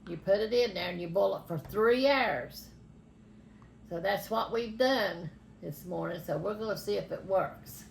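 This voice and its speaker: A woman's voice: medium pitch, unhurried, creaky, a little hiss or hum. An older woman, a grandmother, chatting homespun through a cooking demonstration in a home kitchen. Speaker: grandmother showing a recipe.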